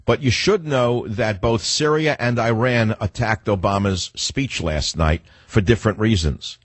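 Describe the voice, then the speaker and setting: A man's voice: lowish voice, measured pace, slightly rough, no echo. A man hosting a political talk radio show, blunt and opinionated, rambling with restarts as he takes callers. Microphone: studio microphone.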